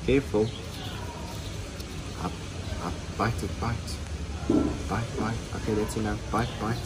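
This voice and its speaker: A man chatting casually on a family outing, relaxed and affectionate with his baby. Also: fairly low pitch, unhurried, loud music behind the voice. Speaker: father filming a family vlog. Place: outdoors at a restaurant and animal park. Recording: loud outdoor background noise.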